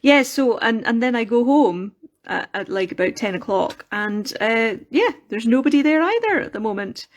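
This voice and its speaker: A woman's voice: on the high side, lively intonation, normal speed. Chatty Scottish woman crafting on a live chat. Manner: rambling, chatty, wanders off on tangents. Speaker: craft livestreamer. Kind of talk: casual live chat while sculpting. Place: workshop room in a mill. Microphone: phone.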